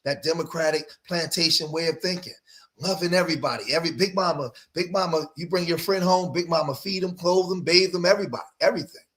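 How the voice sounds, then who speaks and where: A man's voice: on the high side, quick pace, fairly bright tone. A man hosting a livestream, reacting to clips in emphatic commentary and repeating phrases for emphasis.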